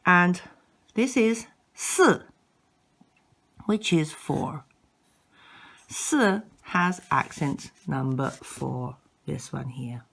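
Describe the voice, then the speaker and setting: Very slow, lively-pitched woman teacher. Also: vocal fry, breathy edge. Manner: slow, deliberate, models each word for the learner to repeat; exaggerates rising and falling tones. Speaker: language teacher. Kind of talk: online language lesson.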